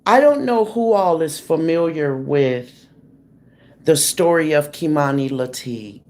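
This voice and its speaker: A woman's voice: deep voice, expressive, slow pace, darkish tone. A woman hosting a true crime livestream in a casual, blunt, slangy way, calling out critics and greeting viewers in the chat by name.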